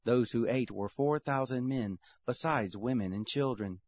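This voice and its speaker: A man reading scripture aloud in a steady, measured way. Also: mid-range voice. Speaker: scripture reader. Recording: dull lo-fi recording.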